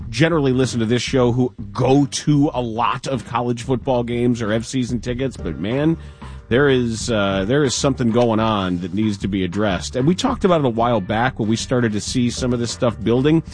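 A man co-hosting a sports talk radio show, speaking in a measured, emphatic way. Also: mid-range voice, a little mellow, faint music behind. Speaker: radio co-host.

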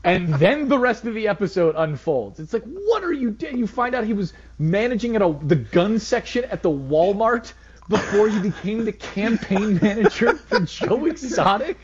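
A man's voice: high-pitched, lively intonation, normal speed, husky, muffled recording. A man co-hosting a talk radio show, telling stories in a wry, incredulous way. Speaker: radio co-host. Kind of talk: casual talk radio chat.

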